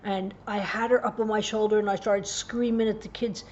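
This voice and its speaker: A woman hosting a parenting tips show, earnestly retelling a personal story, dropping to a hushed voice at grave moments. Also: flat delivery, fairly quick, hardly any pauses, muffled recording. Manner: earnest, vivid retelling with hushed low passages. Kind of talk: personal story told to camera.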